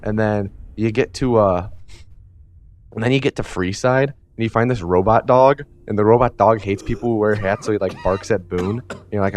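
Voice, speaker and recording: Speaking at a moderate pace in a fairly low voice, a storyteller offers a rambling, humorous rundown of a video game from memory, heavy on fillers and casual cursing.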